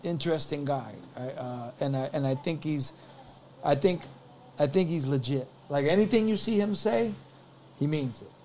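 A man's voice: a little high, moderate pace, a little hiss or hum. A man casually telling a long story, rambling and acting out what people said. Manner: rambling, animated, acts out quotes. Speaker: podcast guest telling stories.

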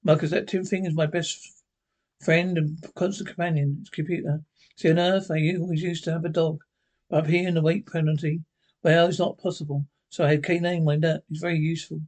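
A man's voice: on the high side, little pitch movement, brisk, darkish tone, lightly acted, low-quality recording. A man reading the part of a fussy, kindly male professor, hesitant and restarting. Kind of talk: reading a script aloud.

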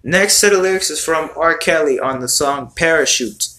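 A man's voice: fairly high pitch, normal speed, sharp tone. A man giving casual reaction commentary on song lyrics, exasperated and swearing as he mocks them.

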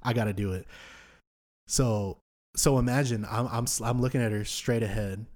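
A young man in his twenties on a podcast, telling a drunk night-out story in animated, slangy chat full of swearing. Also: medium pitch, moderate pace. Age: 20s. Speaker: podcast host.

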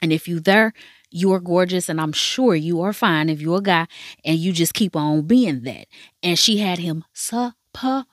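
A woman's voice: on the low side, normal speed, no room sound, clean studio sound. A woman hosting a podcast, giving a casual, profane recap of a drama with playful asides to listeners. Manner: frank, profane, chatty storytelling. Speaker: podcast host.

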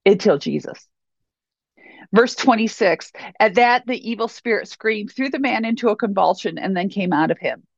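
A woman's voice: medium pitch, normal speed, vocal fry, dry recording. A woman Bible teacher giving a sermon in an emphatic, repetitive way, on a dull, dry recording.

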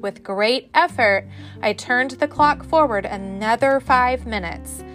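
A woman teacher reading a children's story aloud to a class, with an expressive, animated delivery. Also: a little high, slow pace, faint music behind.

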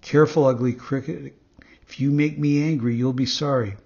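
A man voicing a rude, impatient wooden puppet boy in a husky voice, on a dull recording. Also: mid-range voice, fairly even intonation, a little mellow. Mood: defiant. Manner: rude, hot-tempered, quick.

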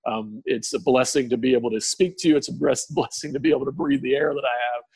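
A man shares his personal testimony, choked with tears and searching for words, often restarting his sentences. His voice is slightly husky and sits at an everyday pitch. The sound is close and dry. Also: fairly even intonation, darkish tone, dry recording. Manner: earnest, halting, with many restarts. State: tearful. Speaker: guest sharing testimony.

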